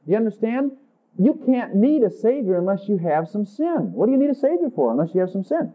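Very animated and speaking fairly quickly, a man gives an intimate sermon in which he acts out dialogues with Jesus in a higher voice. The recording has a tinny, phone-like quality.

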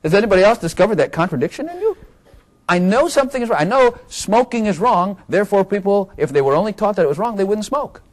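A man preaching a sermon in a conversational way, chuckling often and building to excited, emphatic bursts. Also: high-pitched, fast. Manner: chuckling, playful asides, rising to excited emphasis.

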